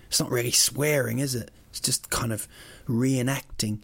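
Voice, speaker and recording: A man's voice: medium pitch, steady tone, normal speed, vocal fry, breathy edge, no room sound. A man hosting a solo podcast, rambling through listener questions with jokey, playful asides. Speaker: podcast host. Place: lives in Sweden.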